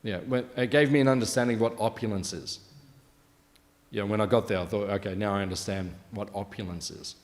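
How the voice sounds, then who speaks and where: A man's voice: lowish voice, fairly even intonation, a little fast, in a large hall. A man giving a morning scripture class, telling anecdotes in a casual way, full of fillers and "right?" asides. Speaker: class speaker.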